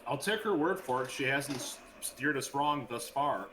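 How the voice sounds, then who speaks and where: A man's voice: medium pitch, lively intonation, normal speed, pushed and bright, a little hiss or hum. A man playing in a tabletop game, speaking earnestly in character and asking the game master questions. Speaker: player. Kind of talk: casual game table talk. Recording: echoey room.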